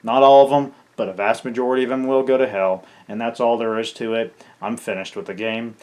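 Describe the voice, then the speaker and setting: A man's voice: medium pitch, fairly even intonation, a little fast, a little mellow. A gaming content creator venting in an angry farewell rant, swearing and stumbling over his words.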